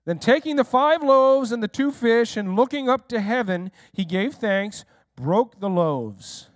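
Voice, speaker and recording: A male pastor preaching a lively sermon, often asking his congregation questions and speaking to people in the room. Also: very high voice, unhurried, no echo, studio quality. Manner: speaks directly to listeners in the room.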